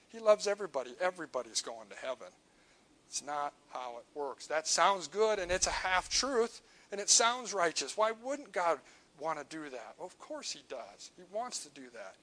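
A man preaching a sermon to his church, earnest, rising on key points and sinking quiet at the ends of lines. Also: fairly high pitch, expressive, normal speed, poor audio. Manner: earnest, builds up then drops to a quiet close on key lines.

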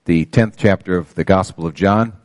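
A man's voice: sits low, moderate pace, no echo. An older man preaching a sermon, calling out to his congregation and reading scripture aloud with rising emphasis. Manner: preaching with call-outs to the congregation. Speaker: pastor.

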